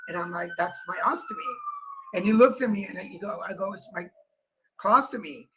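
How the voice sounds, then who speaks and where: A man's voice: high voice, fairly quick, background noise. A man co-hosting a casual livestream chat show, telling stories and acting out the people in them. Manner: chatty storyteller, acts out quoted people. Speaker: co-host.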